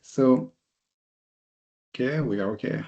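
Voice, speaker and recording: French-accented male CEO, halting webinar talk, slightly muffled video call sound. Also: medium pitch, dark tone. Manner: hesitant, repeats words, many fillers. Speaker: company CEO presenting. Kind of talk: webinar presentation.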